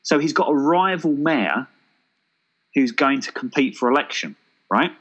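A man, co-hosting a casual chat, pitching a made-up action film with jokey enthusiasm. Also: expressive, measured pace, fairly bright tone, lo-fi sound. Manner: enthusiastic, jokey, thinks aloud with fillers. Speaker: podcast co-host.

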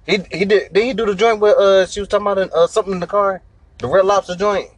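A man's voice: sits high, steady tone, fast. A man interviewing a guest, laid-back, asking short questions and backing him up. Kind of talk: casual conversational interview.

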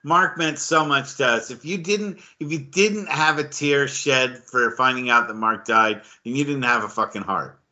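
A man's voice: mid-range voice, moderate pace, few pauses, bright, forceful tone, highs cut off. A man hosting a casual podcast interview, earnest and stammering with repeated words. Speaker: podcast host.

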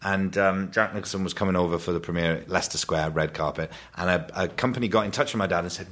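A man's voice: sits low, quick pace, few pauses, fairly bright tone. A man, a guest actor, telling family anecdotes in a casual chat with frequent laughs.

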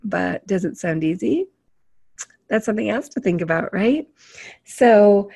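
A woman's voice: medium pitch, lively intonation, measured pace, creaky, pauses often, mellow, husky. A woman leading a self-help panel discussion, reading points from a list and asking the group encouraging questions. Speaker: group facilitator.

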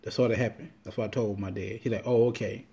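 A podcast host with a warm, mellow, fairly low voice and vocal fry delivers a loose, rambling monologue with fairly even intonation. He swears freely and drops into quick impressions of what people told him.

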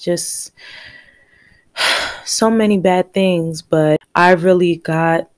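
A woman's voice: lowish voice, darkish tone, dry recording. A young woman, hosting a podcast and chatting casually to her listeners while sharing a faith testimony. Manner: chatty, talks straight to listeners as "y'all". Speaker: podcast host.

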